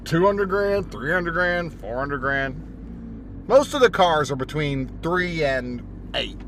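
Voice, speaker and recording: A man's voice: a little high, expressive, slow, a bit bright. A man mocking someone in a brash, profane, sneering monologue. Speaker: wealthy commentator. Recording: outdoor street noise. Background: traffic noise.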